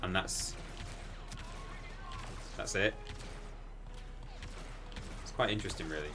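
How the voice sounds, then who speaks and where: A man chatting casually while streaming a video game, rambling and bursting into excited exclamations. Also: low voice, takes it slowly, music in the background. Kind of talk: casual gaming stream commentary.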